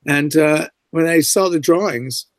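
A man, an actor being interviewed, telling stories in a lively way, acting out the lines he quotes, with lots of "you know" along the way. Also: a little high, unhurried, no echo. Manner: animated, acts out quoted lines, many fillers. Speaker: voice and screen actor, guest. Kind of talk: casual interview storytelling.

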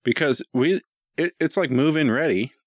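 A man's voice: fairly high pitch, normal speed, no room sound, studio quality. A man in his thirties co-hosting a podcast, chatting casually with jokes and frequent swearing. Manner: joking, profane, playful. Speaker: podcast co-host. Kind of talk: casual comedic chat.

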